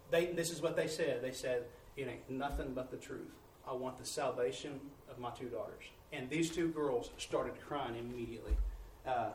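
A missionary preacher with a mid-range voice tells testimonies in a folksy sermon style, acting out the dialogue. The mic is distant in an echoey room, with faint ambience and slight background noise.

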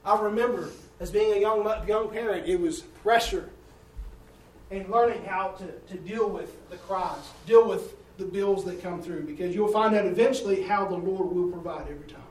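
Male preacher, high voice, folksy storyteller with big swings from loud to soft, recorded from a distance in a roomy church. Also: moderate pace. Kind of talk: sermon. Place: church sanctuary. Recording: echoey room heard from a distance.

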